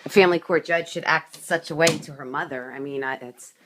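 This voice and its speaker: A woman's voice: deep voice, brisk, background noise. A woman hosting a conversation, interjecting with pointed questions and opinions. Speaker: host. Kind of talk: casual phone conversation.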